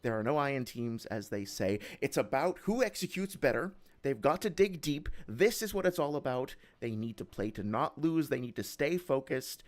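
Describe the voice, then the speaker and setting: A pumped-up male sports announcer, as a streamer puts him on piles cliché on cliché in a raised, hyped pitch. His booming patter keeps repeating itself. It is delivered louder and higher than an everyday voice. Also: expressive, moderate pace, hardly any pauses, natural voice.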